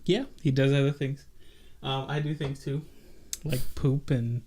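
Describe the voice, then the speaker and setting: A man's voice: medium pitch, flat delivery, measured pace, warm tone, a little hiss or hum. A young man hosting a casual podcast chat, talking in a rambling, goofy, joking way. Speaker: podcast host.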